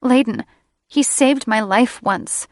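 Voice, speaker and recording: A woman's voice: fairly high pitch, slow, no echo, studio quality, voice pushed up. A woman narrator voicing a distressed young siren woman who pleads and trembles with emotion in an audiobook. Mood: upset, pleading. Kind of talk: audiobook character reading.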